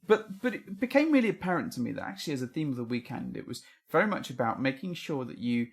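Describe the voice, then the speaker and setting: A man's voice: medium pitch, sing-song, quick pace, creaky. A man co-hosting a podcast from home, talking in an earnest, reflective, rambling way. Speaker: podcast co-host. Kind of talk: casual chat. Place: home room. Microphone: podcast microphone.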